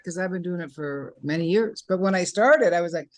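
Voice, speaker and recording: A woman's voice: on the low side, brisk. A woman from Canada teaching a voice workshop over a video call, guiding breathing exercises and demonstrating vocal sounds. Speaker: voice coach. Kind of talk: online workshop instruction.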